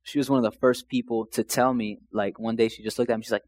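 At a quick pace and medium pitch, with a flat delivery, a young Louisiana man tells his faith testimony casually. He rambles emotionally, saying "man" and "like" a lot, in casual personal storytelling.

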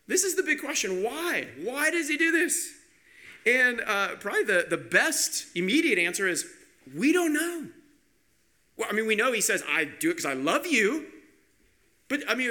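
Animated high-voiced male preacher. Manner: animated, rhetorical questions, repeats words. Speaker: pastor. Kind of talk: sermon.

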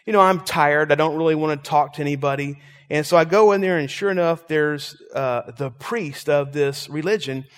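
High-voiced pastor preaching in a reverberant hall. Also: male voice, normal speed, few pauses. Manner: storytelling, emphatic, animated preaching. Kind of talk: sermon.

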